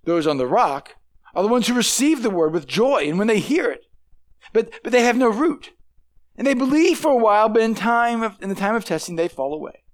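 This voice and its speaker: A man's voice: sits high, very animated, fairly quick. A man preaching a sermon in a conversational way, often restarting and repeating words, and acting out quoted voices. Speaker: pastor.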